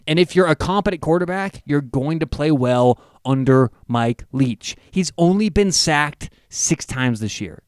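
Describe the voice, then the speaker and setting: A man with a smooth, resonant voice sits slightly high in his range as he co-hosts a football preview. He talks through players and stats in a loose, enthusiastic way. The sound is close and dry. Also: dry recording. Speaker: sports show co-host. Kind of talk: casual sports analysis chat.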